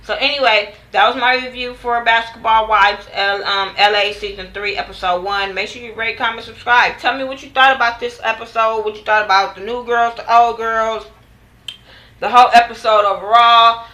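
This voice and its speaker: Bright-voiced woman giving a profane, animated recap. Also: a little high, moderate pace, poor audio. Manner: animated, profane, acts out quotes of others. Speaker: TV show reviewer. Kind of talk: casual recap vlog.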